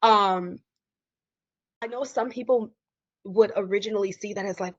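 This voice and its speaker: A woman's voice: mid-range voice, normal speed, no room sound. A woman speaking candidly as a podcast guest, emotional and acting out quoted dialogue. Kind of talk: candid interview conversation. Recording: dry, muffled lo-fi audio.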